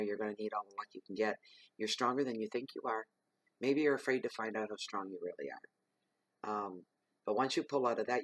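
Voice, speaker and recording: A man's voice: fairly low pitch, a bit bright, no echo. A man giving a weekly tarot reading, talking in an emphatic, repetitive, earnest way, with a cough. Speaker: tarot reader.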